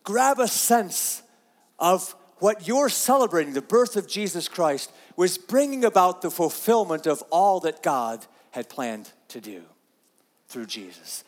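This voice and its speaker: A man's voice: high voice, sing-song, measured pace, in a large hall. A man preaching a sermon, earnest and repeating himself, reading scripture aloud. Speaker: pastor.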